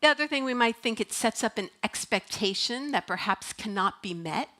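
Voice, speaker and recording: A woman's voice: on the high side, expressive, normal speed, bright, forceful tone. A middle-aged woman minister giving a sermon in a church, talking in a chatty, playful way and laughing often. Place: church sanctuary.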